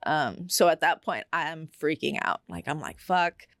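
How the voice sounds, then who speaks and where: A woman's voice: deep voice, very animated, normal speed, a bit bright, no echo, studio quality. A young woman on a podcast, candidly telling a personal story in casual chat, with many fillers. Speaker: podcast co-host.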